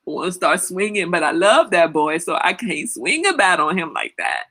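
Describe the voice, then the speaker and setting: A woman's voice: fairly low pitch, very animated, normal speed, pushed and bright. A woman hosting a casual livestream chat, talking bluntly and animatedly and laughing often. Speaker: livestream talk show host; mother.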